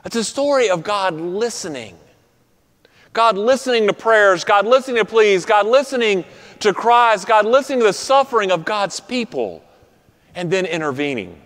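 High-voiced pastor preaching in a reverberant hall. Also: male voice, animated, normal speed. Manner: earnest, drops to soft quiet endings for emphasis. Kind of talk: sermon.

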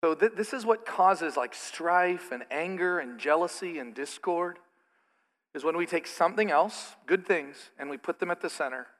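A middle-aged man preaching a sermon as pastor, animated, slipping into mocking asides. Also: a little high, normal speed. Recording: reverberant hall.

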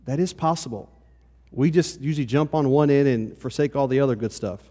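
A man's voice: mid-range voice, a little fast, dark tone. A pastor giving a conversational sermon to his congregation, often checking in with "okay?". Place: church hall. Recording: long reverb of a hall.

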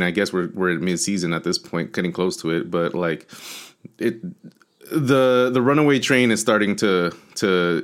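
A man on a casual sports prediction podcast, talking in a halting, hedging way with many restarts. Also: fairly low pitch. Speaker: panelist.

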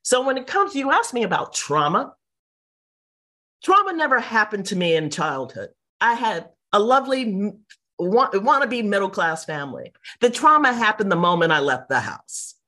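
A middle-aged woman, an interview guest, telling personal stories in a lively, casual way and acting out what people said. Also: mid-range voice, moderate pace. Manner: animated, mimics people in quotes.

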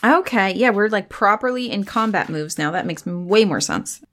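A woman playing a tabletop game, chatting casually and thinking out loud with a wry edge. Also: medium pitch, lively intonation, moderate pace.

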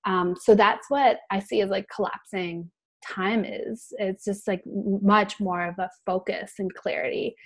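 Reflective, soft-spoken woman. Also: medium pitch, steady tone, measured pace. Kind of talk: casual chat.

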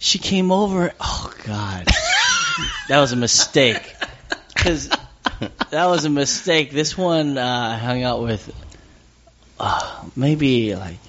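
A man who is a guest on a podcast, telling stories in a casual, animated way and swearing freely. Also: medium pitch, takes it slowly, pauses often. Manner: animated storyteller, swears freely, mimics people. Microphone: headphones on, podcast mic. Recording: slightly muffled lo-fi audio.

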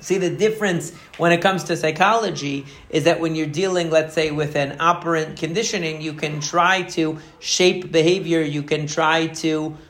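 A man teaching a Torah lesson, telling a story in an animated way with many fillers and restarts. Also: on the high side, moderate pace, few pauses.

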